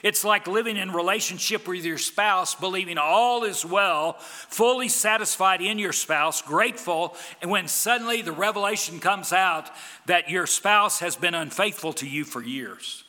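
A man preaching a sermon as a pastor, emphatic, with big swings from loud declarations to quiet, low lines. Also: normal speed, long reverb tail.

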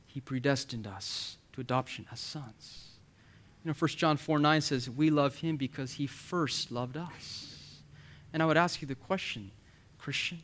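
A male pastor delivers a sermon with earnest emphasis, slowing down to stress key words. His voice sits in a middle register, and he sometimes sinks into a soft, near-whispered hush to drive a point home. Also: mid-range voice.

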